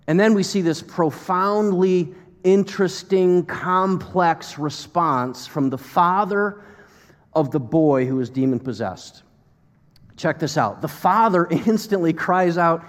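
A man's voice: on the high side, animated, takes it slowly, long reverb tail. An American man preaching a sermon to a congregation, talking conversationally with fillers and acting out quotes. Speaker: pastor.

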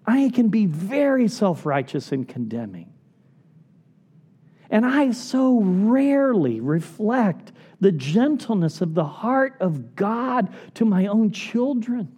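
A middle-aged man preaching a sermon as a pastor, earnest and pleading, often dropping to soft low tones for emphasis. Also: sing-song, slow, slightly rough.

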